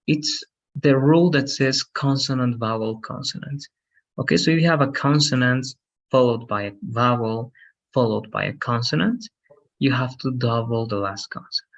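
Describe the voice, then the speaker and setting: A man teaching an English lesson, encouraging and patient, slowing down to model how words are stressed. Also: mid-range voice. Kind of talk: online language lesson. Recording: dull lo-fi sound.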